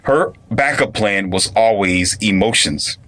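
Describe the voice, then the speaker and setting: A man's voice: fairly low pitch, unhurried, fairly bright tone. A man delivering an emphatic, repetitive ranting monologue as a commentator. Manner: emphatic, repetitive, restarts phrases.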